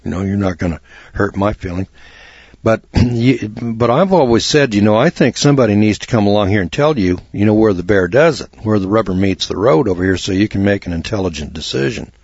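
A man's voice: on the low side, animated, a little fast, a little mellow, no room sound, dull audio. A man hosting a talk radio show, rambling in a folksy, blunt way with lots of fillers and restarts.

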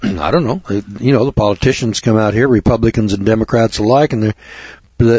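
A man with a husky voice hosts a talk radio show, ranting and firing off rhetorical questions. He needles his listeners with sarcasm. The broadcast sounds dull and lo-fi. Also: on the low side, steady tone, fairly quick, darkish tone, no room sound. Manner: sarcastic, addresses audience as kids. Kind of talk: radio monologue.

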